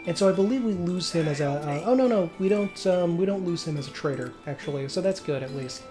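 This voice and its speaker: A man's voice: high-pitched, fast, few pauses, dark tone, faint music behind. A man casually commenting on his gameplay in a chatty, rambling way, often correcting himself. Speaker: let's play host.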